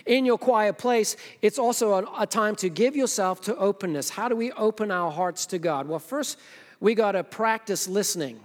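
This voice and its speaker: High-voiced man preaching in a reverberant hall. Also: moderate pace. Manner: swings between emphatic and hushed, intimate delivery. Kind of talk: sermon.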